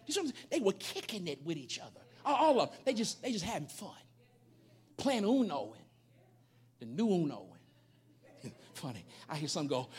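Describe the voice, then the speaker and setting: A man preaching a sermon in a casual, everyday way, telling stories and shouting to stress his points. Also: high voice, big pitch swings, brisk, long pauses, breathy edge. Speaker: pastor.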